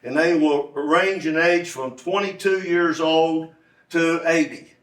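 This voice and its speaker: A man's voice: a little high, steady tone, takes it slowly, fairly bright tone. A man, giving a folksy, rambling campaign speech at a club meeting, repeating his points for emphasis. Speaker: candidate for state delegate. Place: meeting room. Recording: roomy echo, distant mic.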